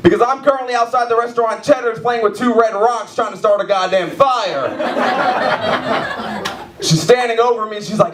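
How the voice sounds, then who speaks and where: A man in his twenties doing stand-up storytelling in a comedy club, animated and self-mocking, mimicking sound effects. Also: high-pitched, brisk, a crowd in the background. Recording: echoey club heard from far off. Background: audience laughing.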